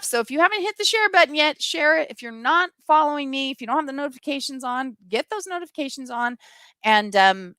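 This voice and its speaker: Middle-aged woman, livestream host, impassioned and earnest, slightly high voice. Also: fairly bright tone, no echo. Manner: earnest, impassioned, reads out viewer comments. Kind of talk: live-streamed personal talk to viewers.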